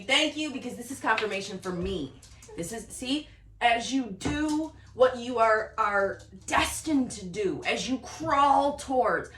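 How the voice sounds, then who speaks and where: A woman giving a casual, excitable tarot reading to camera from her home office, often laughing. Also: a little high, recorded from a distance, slight background noise. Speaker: tarot reader. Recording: roomy echo, voice a bit off-mic.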